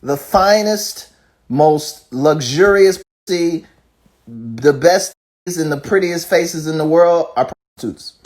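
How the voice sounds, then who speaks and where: A rapper ranting casually, profane and fired up, firing off rhetorical questions. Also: male voice, fairly high pitch, expressive, takes it slowly. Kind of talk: casual rant.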